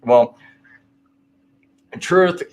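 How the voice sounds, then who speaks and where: A man's voice: extremely slow, darkish tone. A man telling a personal conversion story in a casual late-night chat, rambling and full of fillers.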